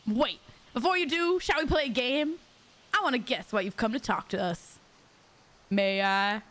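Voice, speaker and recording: A woman's voice: a little high, normal speed, fairly bright tone, close to an everyday voice. A woman voicing a theatrical, pompous grown man reading flowery lines from a story game. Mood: grandiose. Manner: grandiose, flowery read-aloud lines. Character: pompous grown male foreign visitor, theatrical.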